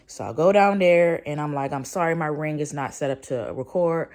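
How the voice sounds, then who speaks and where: A woman's voice: low-pitched, moderate pace, darkish tone. A woman vlogging from bed at home, venting in casual, profane talk.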